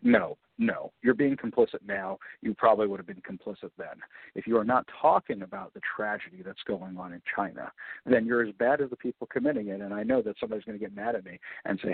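A man's voice: on the low side, big pitch swings, fairly quick, creaky, slightly rough, no room sound. A man giving passionate, indignant political commentary as a guest on a talk radio show. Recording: tinny phone-like line.

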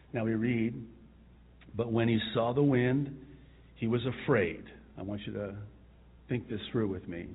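A male pastor preaching a sermon, telling the story with chuckles and soft asides. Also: fairly low pitch, breathy edge. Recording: tinny phone-like sound.

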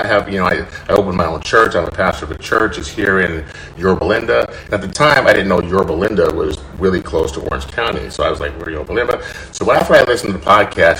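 A deep-voiced man with a gravelly edge tells a heartfelt personal story in an earnest, halting manner, restarting phrases and repeating words. Faint hiss sits under his voice. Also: a bit bright, low-quality recording. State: choked up, tearful. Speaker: podcast host.

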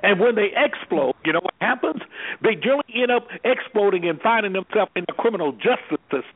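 A man's voice: high voice, expressive, quick pace, breathy edge, phone-quality sound. A man working as an anger management specialist, talking as a guest on a radio interview in an impassioned, preacherly way, firing off rhetorical questions.

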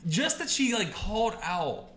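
Lively, bright-voiced man telling animated stories. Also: high voice, unhurried. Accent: Midwestern American. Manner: animated storyteller, acts out quoted voices. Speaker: podcast co-host. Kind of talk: casual chat. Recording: echoey room with faint background noise.

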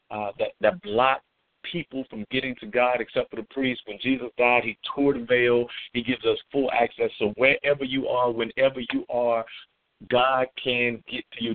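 A man's voice: mid-range voice, no echo. A middle-aged man leads a morning devotional over a conference call, and the audio is thin and phone-like. The room sounds completely dry. He talks loose and chatty and keeps stopping to greet listeners by name. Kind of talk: live-streamed morning devotional. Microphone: phone line.

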